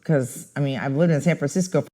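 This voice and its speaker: A woman telling a story in a casual, animated way, acting out the voices of the people in it. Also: sits low, fast talker. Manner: animated, mimics voices in her anecdote.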